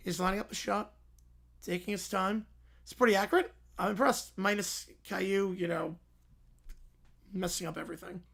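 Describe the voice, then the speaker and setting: A man's voice: high voice, steady tone, normal speed, gravelly, long pauses, fairly bright tone. A male livestream host giving casual, mumbled reaction asides.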